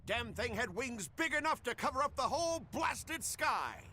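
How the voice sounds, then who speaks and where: An actor playing a gruff, boisterous male fisherman telling a tall tale in a game. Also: very high voice, lively intonation, normal speed, pushed and bright, slight background noise, full character voice. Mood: boastful. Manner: boisterous storytelling. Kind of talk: game voice acting.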